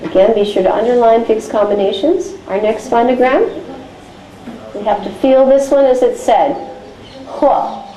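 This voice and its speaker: A woman teaching a class, slowly dictating phonics sounds for a test and explaining how each is said. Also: fairly high pitch, dark tone, reverberant, low-quality recording. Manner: slow, deliberate dictation of sounds.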